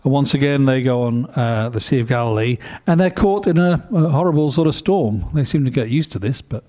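A male preacher with an ordinary pitch moves briskly through his sermon. Though the pace is quick, his tone stays mellow and relaxed, his delivery lively and conversational, and he keeps stopping to ask listeners questions.

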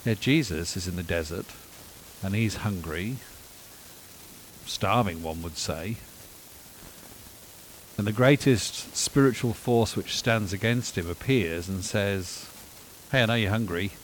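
A man delivering a sermon, animated and emphatic, with dry self-deprecating humor. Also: low-pitched, slow, pauses often, slight background noise, low-quality recording. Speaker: preacher.

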